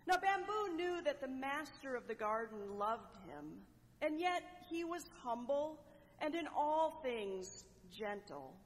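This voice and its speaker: A woman preacher telling a parable as a sermon, with measured delivery and dramatic pauses. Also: high-pitched, big pitch swings. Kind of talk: sermon storytelling. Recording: long echoing hall reverb.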